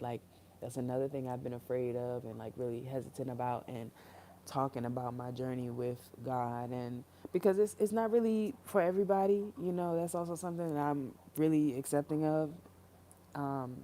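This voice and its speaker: Dark-voiced young woman musing on a livestream. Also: a bass voice, a little hiss or hum. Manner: earnest, reflective, rambling with fillers and restarts. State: holding back tears. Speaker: creator on a solo livestream. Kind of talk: candid solo livestream talk. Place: room, alone.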